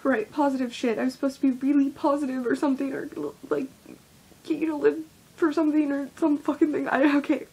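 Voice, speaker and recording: A young woman with a high voice talks straight to camera in a confessional vlog monologue. She rambles, swears heavily and runs herself down as she goes. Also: flat delivery, brisk, warm tone. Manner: rambling, heavily profane, self-deprecating. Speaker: YouTuber.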